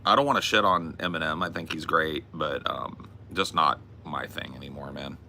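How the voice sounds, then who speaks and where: Deep gravelly young man rambling. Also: moderate pace, bright, forceful tone. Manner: loose, rambling, sprinkled with laughs and filler. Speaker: live streamer answering chat. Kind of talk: casual rambling chat. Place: outdoors in hot weather.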